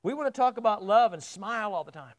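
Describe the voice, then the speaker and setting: A man with a strikingly high voice preaches a sermon to a congregation in a church. He talks casually, checks in with the listeners through questions, and stumbles over repeated words whenever he pushes a point home. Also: lively intonation, quick pace.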